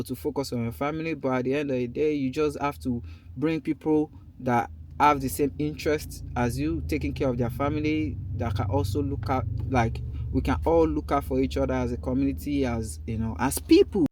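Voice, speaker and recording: A man from Nigeria in his thirties with a Nigerian accent, talking loosely and conversationally in a casual vlog recorded in a car. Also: mid-range voice. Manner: loose and conversational, drifting between topics. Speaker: vlogger.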